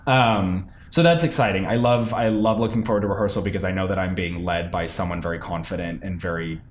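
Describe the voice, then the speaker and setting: A man's voice: low-pitched, fairly even intonation, a little fast, slight background noise. A young man, a stage actor, chatting in an interview about his role, talking animatedly with many fillers and restarts. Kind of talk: casual interview.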